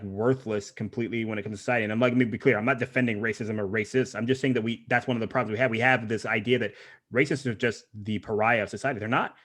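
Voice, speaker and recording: A man's voice: mid-range voice, a bit bright. A man speaking as a podcast guest in a casual interview, emphatic and running his points together in long strings. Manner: fast, emphatic, talks in run-on strings of points.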